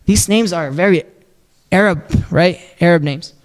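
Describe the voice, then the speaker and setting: A man teaching a religious lesson, explaining step by step and answering his own questions. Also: high-pitched. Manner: recites Arabic supplication quickly and softly. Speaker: Islamic teacher.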